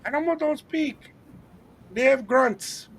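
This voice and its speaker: A man co-hosting a podcast, telling a story in a casual chat and acting out the dialogue with lively energy. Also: very high voice, slow. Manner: animated, acts out quoted dialogue. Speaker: podcast co-host.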